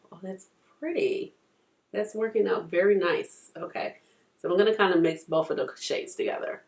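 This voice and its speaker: A woman in her thirties chatting and rambling through stories while doing her makeup at home for a beauty vlog. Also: sits low. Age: 30s. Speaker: beauty vlogger.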